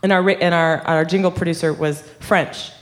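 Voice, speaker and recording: A woman guest singer chatting casually, telling a story with lively energy and frequent laughs. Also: on the low side, normal speed, long reverb tail. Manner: animated storyteller, laughs often. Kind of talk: casual chat.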